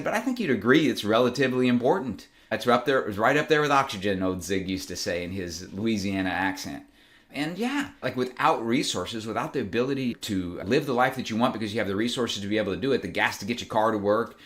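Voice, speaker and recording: Earnest low-voiced man telling stories. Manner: earnest, animated, with chuckles and self-corrections. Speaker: podcast host. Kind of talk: casual storytelling monologue.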